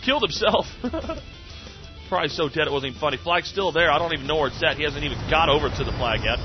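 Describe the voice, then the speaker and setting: A man giving excitable, jokey sportscaster-style play-by-play of a video game, laughing often. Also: a little high, quick pace. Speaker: game commentator. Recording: muffled lo-fi recording with game music.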